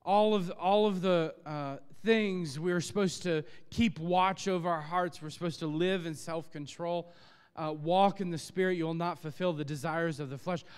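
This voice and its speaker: A male pastor preaching a sermon, impassioned and emphatic, his voice building to loud peaks. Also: a little high, steady tone, normal speed, clean tone. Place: church sanctuary. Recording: long church reverb.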